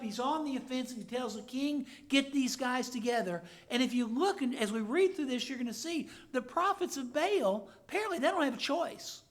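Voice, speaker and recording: A man, a pastor, preaching a sermon and reading scripture aloud, swinging between loud declaring and hushed asides. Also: extremely high pitch.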